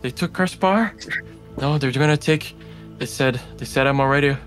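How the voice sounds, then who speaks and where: A man's voice: lowish voice, normal speed, faint music behind, close to an everyday voice. A man voicing a panicked old village mother who repeats herself in frantic loops.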